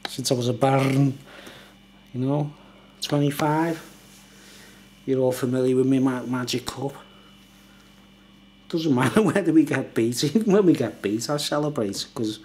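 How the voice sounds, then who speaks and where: A man's voice: mid-range voice, darkish tone, a little hiss or hum. Rambling tipsy older man. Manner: rambling, chatty, laughs often. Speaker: beer reviewer. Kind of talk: casual late-night beer review vlog.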